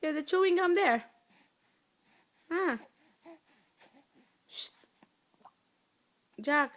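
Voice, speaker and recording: A woman's voice: high-pitched, lively intonation, very slow. A woman talking baby talk to her infant son, cooing and asking the same short questions over and over.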